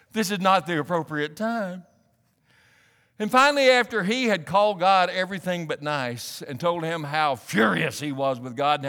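A man preaching a sermon as a pastor, animated and building up to emphatic, pressing questions. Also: sits high, in a large hall. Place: church sanctuary.

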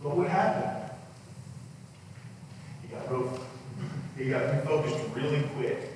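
A man preaching in a church hall, his slow, unhurried sermon ringing through a long, echoey reverb. He is some distance from the microphone, and faint room ambience hangs behind him. He tells his stories with animation and acts out the voices in them. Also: fairly high pitch, background noise. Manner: animated storytelling, acting out voices in quotes.

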